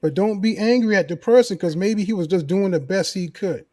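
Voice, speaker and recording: A man's voice: high voice, fairly quick, warm tone. A man on a talk show telling a personal story in an earnest, emphatic way, often repeating key phrases. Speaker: co-host sharing a personal story. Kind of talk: casual conversation, storytelling.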